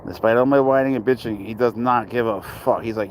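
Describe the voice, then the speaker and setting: A man's voice: medium pitch, brisk, few pauses, rough recording. Young man, rambling crude chatter, phone livestream outdoors, faint traffic noise. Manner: rambling, crude, self-deprecating, talks to his cat. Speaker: cat owner livestreaming. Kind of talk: casual livestream chat, reading viewer comments.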